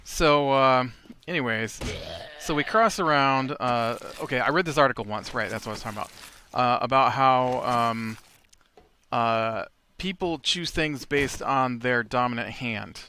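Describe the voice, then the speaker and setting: A man's voice: mid-range voice, measured pace, bright, forceful tone, slight background noise. A man hosting a let's play, telling a rambling story between remarks on the game. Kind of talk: casual gameplay commentary.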